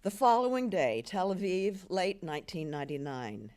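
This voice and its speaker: Intense, expressive older woman reading. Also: fairly low pitch. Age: 70s. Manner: intense, expressive, slowing for weight. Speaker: reader. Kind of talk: dramatic literary reading. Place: symposium event.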